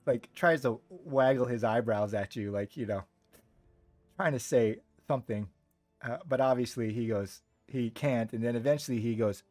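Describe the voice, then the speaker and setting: A man running a tabletop game over a video call, narrating the scene in a loose, descriptive way. His voice sits at an ordinary middle pitch, with faint music underneath. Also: moderate pace, a little mellow, no echo. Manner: descriptive, meandering, many fillers. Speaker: game master.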